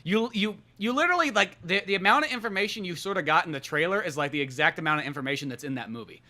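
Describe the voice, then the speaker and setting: A man's voice: high voice, very fast, pushed and bright. A man hosting a podcast, rambling profanely and acting out movie scenes as he retells them. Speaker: podcast host. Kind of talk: casual podcast chat.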